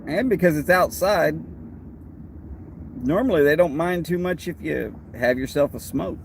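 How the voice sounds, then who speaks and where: A man's voice: on the high side, expressive, unhurried, vocal fry, a little hiss or hum. A man with a Texan accent hosting a live stream, chatting in a rambling way and answering viewers' comments. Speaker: livestream host. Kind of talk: casual live-stream chat.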